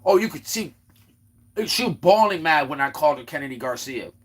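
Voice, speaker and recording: Man, livestream host, casual rant, rambling, stammers on repeats, bright tense tone, fairly high voice, loud outbursts that trail off low. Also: expressive, brisk. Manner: rambling, repeats words, quotes others in his own voice; exclaims loudly then trails off low. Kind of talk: casual ranting monologue.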